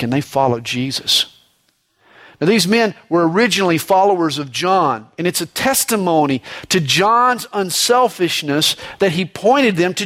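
Man preaching, higher-pitched, emphatic. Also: a bit bright. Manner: conversational, with frequent "you know" asides; pushes his voice up for emphasis, drops it low and slow on solemn points. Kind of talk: sermon.

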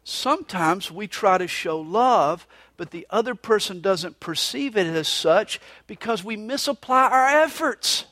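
A middle-aged man preaching a sermon, earnest with lively emphasis. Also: high-pitched, unhurried, hardly any pauses. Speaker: pastor.

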